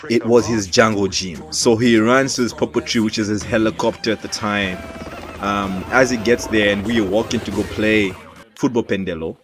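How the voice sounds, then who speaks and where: A man telling a personal childhood story in a casual, lively way, acting out voices as he goes. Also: on the low side, normal speed. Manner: lively, acts out voices in his anecdotes. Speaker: storyteller, animator. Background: background music.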